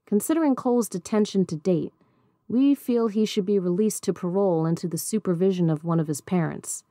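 Woman doing offhand lawyer guy, shrugging it off, dark mellow tone. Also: medium pitch, brisk, dry recording, studio quality, natural voice. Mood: dismissive. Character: casual dismissive defense lawyer man.

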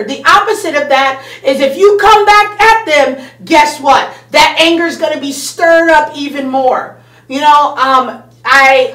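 Lady teaching a kids bible lesson, high voice, chatty and upbeat, kinda far off and echoey. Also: fairly bright tone. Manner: upbeat, conversational, uses everyday examples. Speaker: children's church host.

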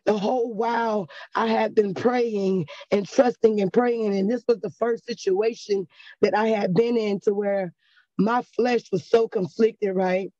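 A woman's voice: mid-range voice, steady tone, measured pace, warm tone, no room sound, muffled recording. A woman giving a personal testimony in a church class, earnest and conversational, often checking in with her listeners.

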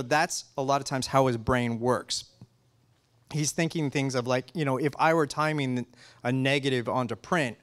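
A man's voice: medium pitch, fairly bright tone. A man speaking as a color scientist guest in a casual technical interview, enthusiastic and full of restarts and fillers.

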